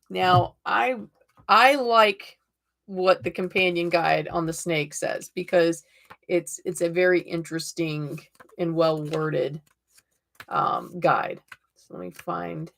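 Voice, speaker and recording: Gen x lady doing a tarot livestream, lowish voice, chatty and laughy. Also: steady tone, slow pace, creaky, long pauses. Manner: chatty, laughs often, addresses viewers warmly as lovelies. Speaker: host. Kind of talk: casual live-stream chat; tarot reading.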